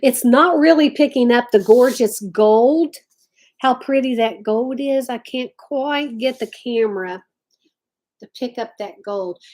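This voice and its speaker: A woman's voice: on the high side, measured pace, darkish tone. A woman hosting a casual craft livestream from home, chatting and reading viewer comments aloud. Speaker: livestream host.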